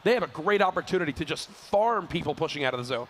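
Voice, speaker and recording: Energetic male esports caster. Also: fairly high pitch, fast, a little hiss or hum. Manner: energetic, playful, counts and jokes on air. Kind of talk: esports play-by-play commentary.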